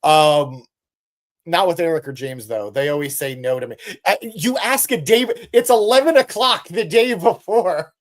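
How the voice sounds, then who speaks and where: A man's voice: a little high, moderate pace. Chatty man reading live chat aloud. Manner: reads chat comments aloud and swears jokingly. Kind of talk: casual live stream chat.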